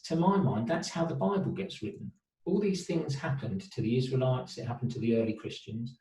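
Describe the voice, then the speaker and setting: A man's voice: mid-range voice, warm tone. A man who works as a counsellor, answering interview questions in a reflective, musing way and often asking rhetorical questions. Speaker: counsellor and therapist guest. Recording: roomy echo, distant from the mic.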